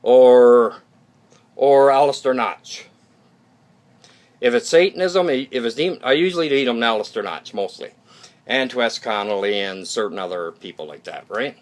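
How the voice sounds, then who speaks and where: Animated and at a normal speed, a YouTube host of ordinary pitch talks to viewers in a casual, unscripted monologue. Blunt and opinionated, he swears occasionally, rambles, restarts his sentences and repeatedly checks in with "okay?"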